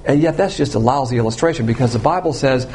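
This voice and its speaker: A man preaching a sermon, blunt and provocative, swinging between loud emphasis and quiet asides. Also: medium pitch, quick pace, a little hiss or hum.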